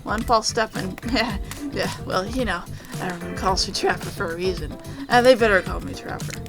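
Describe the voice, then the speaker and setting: A woman voicing a brooding, murderous male trapper who talks in a gruff, boastful, threatening way. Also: medium pitch, moderate pace, music in the background, lightly acted. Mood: menacing, boastful.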